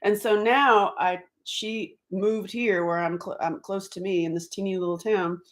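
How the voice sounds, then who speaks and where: A middle-aged woman from North Carolina chatting on a live stream at home, rambling and quick to laugh. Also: medium pitch, steady tone. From Asheville, North Carolina, US. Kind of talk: casual live-stream chat. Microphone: laptop computer mic.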